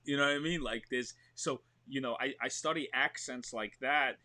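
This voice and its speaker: A man, an actor talking excitedly in a remote interview, full of "you know what I mean". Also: medium pitch, normal speed. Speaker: actor and show host, guest. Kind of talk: animated conversational interview.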